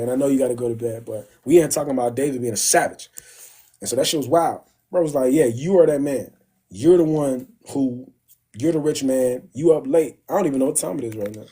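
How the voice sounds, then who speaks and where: A man hosting a casual livestream and retelling a story in animated slang, voicing the characters in quick bursts. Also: mid-range voice, husky. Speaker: livestream host. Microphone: phone.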